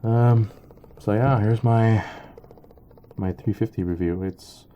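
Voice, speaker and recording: A man giving a casual product review, halting and full of ums and uhs. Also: fairly low pitch, steady tone, muffled recording, very noisy. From Canada. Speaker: knife reviewer.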